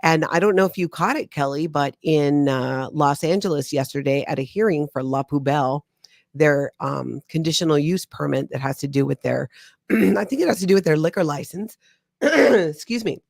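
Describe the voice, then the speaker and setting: Animated, self-mocking woman co-host. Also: low voice, moderate pace, creaky, no room sound, studio quality. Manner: animated, self-deprecating, laughs often. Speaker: co-host, former member discussing the church. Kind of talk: casual chat, reading out reviews.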